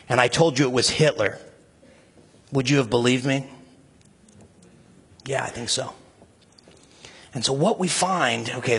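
A man's voice: a bit bright, breathy edge. A man preaching a sermon as a pastor, speaking with passion and rising emphasis. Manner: impassioned, rising to emphatic high pitch when stirred.

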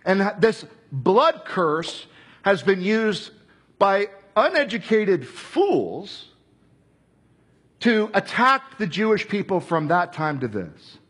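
A man with a high, husky voice preaches a sermon. He tells the story with animated energy and slips into the voices of the people he quotes. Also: takes it slowly.

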